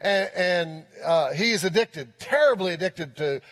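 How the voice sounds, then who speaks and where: A man with a notably high voice preaches earnestly from the pulpit, circling back to repeat his key lines. His words ring out with a long reverb through a large church sanctuary. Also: lively intonation, a little slow, fairly bright tone. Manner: earnest preaching with frequent repetition of key phrases. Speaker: pastor. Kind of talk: sermon.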